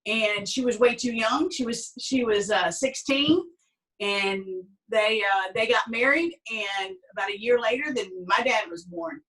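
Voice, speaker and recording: Teaching a cooking class full of family stories, this woman from the Southern United States speaks in an easygoing, filler-heavy, folksy way. Her fairly high, slightly bright voice moves unhurriedly and sits a bit back from the microphone.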